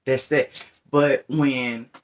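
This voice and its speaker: Man, deep voice, very slow drawl, rambling casual vlog talk. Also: fairly even intonation. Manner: rambling, repeats "you know what I'm saying". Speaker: vlogger. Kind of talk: casual opinion talk while smoking.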